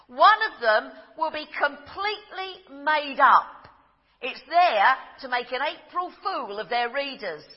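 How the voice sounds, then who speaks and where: A middle-aged woman, preaching a sermon in a gentle storytelling manner that drops to a hush at tender moments. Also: high voice, long reverb tail, lo-fi sound.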